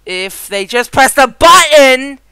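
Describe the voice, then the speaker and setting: Bright, lively let's-play gamer. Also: sits high, slow pace, smooth, no room sound, poor audio. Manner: excitable, giggly, yelps at surprises; chatty, talks straight to viewers. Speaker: gaming video host. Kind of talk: excited let's-play commentary.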